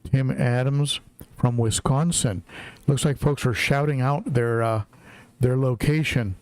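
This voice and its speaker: A chatty middle-aged man hosting a casual live stream, reading out viewers' names one after another. His voice sits at an ordinary male pitch, and the recording is dry and close, with no room sound around it. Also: measured pace, darkish tone, no room sound. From Southern California. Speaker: livestream host. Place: home, in Tennessee.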